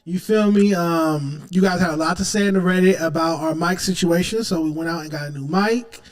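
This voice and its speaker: High-pitched LA man, hype joking podcast host. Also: fairly quick, long reverb tail. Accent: Los Angeles. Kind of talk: casual podcast banter.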